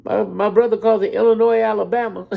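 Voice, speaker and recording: A man giving a casual, animated ranting monologue as a political commentator, swinging from low mutters to loud outbursts. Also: normal speed, vocal fry, muffled recording.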